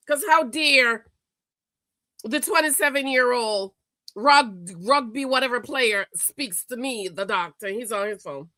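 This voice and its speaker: A woman hosting a reality TV recap, talking in a sassy, animated way and calling out the people she reviews. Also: on the high side, a little slow, no room sound. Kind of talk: casual commentary.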